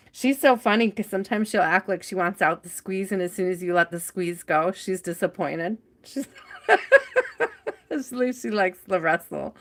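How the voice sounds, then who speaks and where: A woman's voice: mid-range voice, fairly bright tone. A woman hosting a tarot live stream from home, chatting casually, greeting viewers by name and laughing often.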